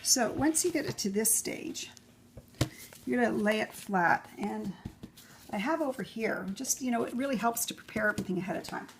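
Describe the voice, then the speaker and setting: A woman's voice: a little high, lively intonation, moderate pace, noisy background. Chatty middle-aged woman teaching a recipe. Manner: chatty and rambling, with many fillers. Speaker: home cook demonstrating a recipe. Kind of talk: casual cooking demonstration. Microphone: camera mic, filmed by her son.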